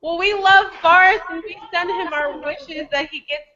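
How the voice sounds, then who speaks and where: A woman's voice: extremely high pitch, normal speed, crowd noise. A woman hosting a casual video chat, chatty and laughing often. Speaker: host. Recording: dull lo-fi webcam audio.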